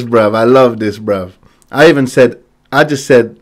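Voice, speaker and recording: A man chats through a music reaction in a loose, slang-heavy way and gets excited often. His voice sits at an ordinary middle pitch for a man. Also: unhurried. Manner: chatty and excitable, lots of slang. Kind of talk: casual reaction commentary.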